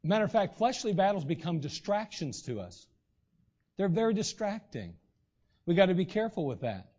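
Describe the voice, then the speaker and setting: Male pastor, high-pitched, casual preaching style, muffled recording. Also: big pitch swings, normal speed, a little mellow. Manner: conversational preaching with frequent throat clearing. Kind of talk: sermon. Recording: dull lo-fi recording.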